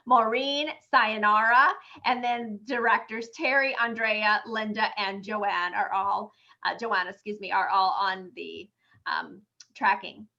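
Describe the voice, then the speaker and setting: Upbeat hoarse woman director rallying a sales team, high and bright, muffled call audio. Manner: upbeat and encouraging. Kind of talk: team meeting presentation.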